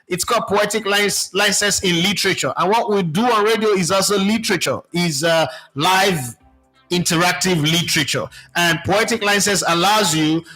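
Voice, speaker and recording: A middle-aged Nigerian man hosting a talk show, telling stories in a lively, animated way and slipping into pidgin. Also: high voice, moderate pace, soft background music, poor audio. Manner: animated, switches into pidgin, many restarts. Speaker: host. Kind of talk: casual storytelling monologue.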